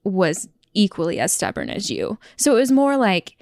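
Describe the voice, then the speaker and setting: A woman's voice: mid-range voice, huge pitch swings, normal speed, gravelly, a little mellow, no room sound, clean studio sound. A woman in a casual couples chat, talking freely with lots of "like.". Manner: chatty, frequent "like" fillers.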